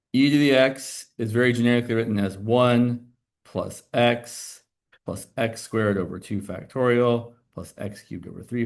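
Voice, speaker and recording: Relaxed man lecturing a math class. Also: on the low side, gravelly. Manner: explains step by step while writing on a board, relaxed and conversational. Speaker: math teacher.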